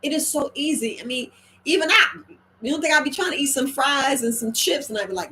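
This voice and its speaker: A middle-aged woman herbalist talking in a casual, animated monologue, slipping into quoted voices and slang. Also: sits high, fast talker, slight background noise, poor audio. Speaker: herbalist host.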